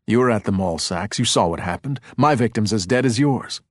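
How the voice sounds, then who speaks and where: A man reading a novel aloud, voicing a stubborn male forensic expert who speaks in a measured, matter-of-fact way. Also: lowish voice, animated, no echo, studio quality. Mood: defensive.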